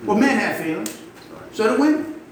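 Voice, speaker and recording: A middle-aged pastor with a high, lively voice speaks at a moderate pace, preaching a folksy, emphatic sermon that draws call-and-response from the congregation. The recording, made in a church sanctuary, is noisy and echoey, as if captured from far off.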